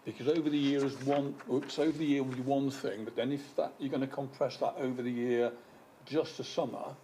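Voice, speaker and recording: Panel member, man, mid-pitched, hesitant and apologetic, faint noise behind. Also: fairly even intonation, brisk, warm tone, poor audio. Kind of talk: questioning at a council hearing.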